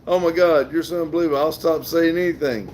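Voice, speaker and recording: This is a Southern man in middle age, chatting on a livestream from outside. His voice sits a little high for a man, and he reads viewer messages aloud in an easygoing, talkative way, chuckling often. Faint outdoor noise hums in the background. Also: fairly even intonation, fast, darkish tone. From southern United States. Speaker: livestream host reading chat. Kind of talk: casual live chat.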